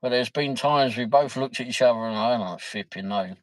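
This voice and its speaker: A man's voice: medium pitch, a little fast, no echo, rough recording. A middle-aged man, chatting casually on his livestream, reading viewer comments, laughing easily and swearing mildly. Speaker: livestream host.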